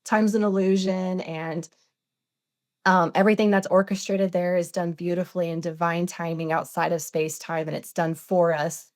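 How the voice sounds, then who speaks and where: A woman's voice: on the low side, flat delivery, normal speed, a little mellow. A woman in her forties, a podcast guest, earnestly retelling a personal experience, acting out the dialogue as she goes. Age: 40s. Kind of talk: personal storytelling interview.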